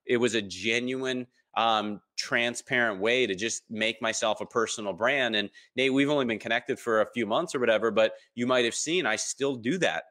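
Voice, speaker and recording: A man's voice: mid-range voice, normal speed, hardly any pauses, pushed and bright. A man in his thirties telling a story as a guest in a casual interview. He acts out the voices he quotes and fills his talk with ums. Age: 30s. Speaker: podcast guest.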